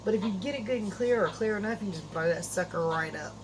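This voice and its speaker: A woman's voice: medium pitch, background noise. A middle-aged woman chatting casually and goofily as a vlogger at home, laughing easily. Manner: goofy, chatty, quick to laugh. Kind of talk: casual chat.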